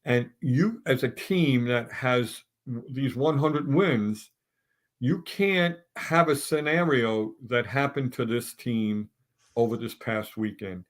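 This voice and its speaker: A man's voice: mid-range voice, slow. A middle-aged man on a sports talk round table, ranting bluntly and stumbling through restarts as he builds his points.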